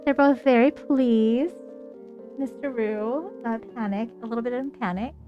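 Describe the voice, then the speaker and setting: A woman chatting casually on a live stream, laughing often and cooing at her cats in a high sing-song voice. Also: a little slow, dull audio, soft background music. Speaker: livestreamer.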